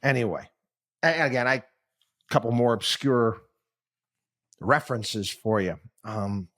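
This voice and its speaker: A man's voice: medium pitch, unhurried, a bit bright. A man hosting a podcast, talking through his thoughts in a rambling, conversational monologue. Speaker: podcast host. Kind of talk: casual commentary monologue.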